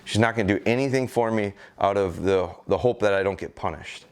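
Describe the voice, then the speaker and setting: A middle-aged American man, a gun dog trainer, calmly explaining a training session and hesitating with fillers as he goes. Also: fairly low pitch, a little fast, smooth. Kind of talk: instructional talk during a training session.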